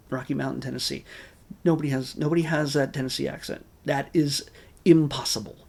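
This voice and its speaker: Man, casual film review, rambling, wry asides, gravelly voice. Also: on the high side, a little mellow. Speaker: movie reviewer.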